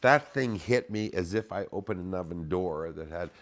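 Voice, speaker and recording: A middle-aged man with a somewhat low voice tells a story casually. He swears freely and acts out the dialogue in a raised, animated voice. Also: moderate pace.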